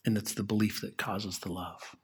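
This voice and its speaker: A man preaching a sermon as pastor in a conversational way, often dropping to a soft hush on key lines. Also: on the low side, fairly even intonation, normal speed, breathy edge.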